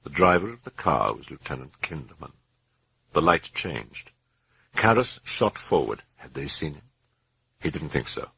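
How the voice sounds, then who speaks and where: Deep, gravelly man narrating a horror novel. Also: sing-song, sharp tone, no room sound. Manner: grave, measured storytelling. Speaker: audiobook narrator. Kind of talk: dramatic audiobook narration.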